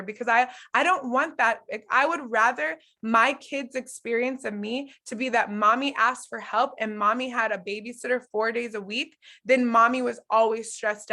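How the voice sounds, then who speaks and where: A woman's voice: fairly high pitch, bright, forceful tone. A woman in her thirties coaching an online group in a casual, candid way, talking straight to her audience with many fillers. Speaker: online coach hosting a challenge. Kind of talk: casual live-stream teaching.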